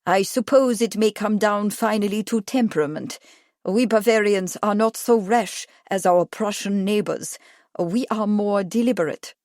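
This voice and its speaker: A woman reading the lines of a suave, monocled aristocratic count in a measured, smooth way. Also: medium pitch, darkish tone, dry recording, studio quality, close to an everyday voice.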